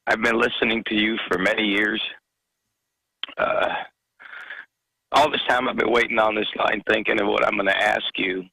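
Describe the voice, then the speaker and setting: Impassioned husky male radio caller. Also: on the low side, fairly even intonation, bright, forceful tone, no echo, poor audio. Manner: earnest, impassioned, halting. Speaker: caller, truck driver. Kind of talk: call-in talk radio.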